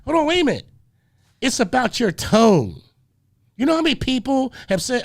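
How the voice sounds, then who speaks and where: A man's voice: extremely high pitch, very animated, moderate pace, vocal fry, long pauses. A male radio host in a community conversation, preachy, who keeps repeating phrases and stopping to say hold on, wait a minute.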